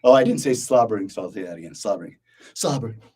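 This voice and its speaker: A man's voice: fairly low pitch, animated, rapid-fire, a little mellow. A man streaming his rap recording session, talking casually and profanely between takes in a brash, grumbling way.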